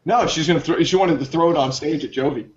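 A man casually telling a long funny story to friends, jumping up in pitch when he acts out his own reactions. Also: fast talker. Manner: animated, jumps high for quoted reactions. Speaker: podcast co-host telling a story. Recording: dull lo-fi recording.

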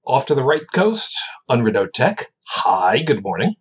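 Male live-stream host, husky voice, lively rambling delivery, jokey. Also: medium pitch, measured pace. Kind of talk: casual live podcast chat.

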